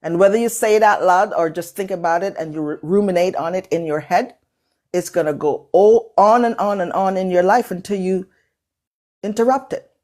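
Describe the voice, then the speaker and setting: On a live call, a middle-aged motivational speaker and workshop host with a non-native English accent delivers a preacherly, emphatic talk, echoing phrases for emphasis. Her voice sits lowish, a little mellow, at normal speed.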